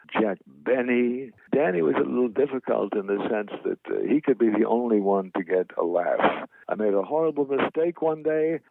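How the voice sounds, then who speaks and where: An older man with a deep, gravelly, husky voice tells rambling, self-deprecating stories in a casual interview. His voice comes through a tinny, dry, phone-like line. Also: dry recording. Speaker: guest, veteran actor.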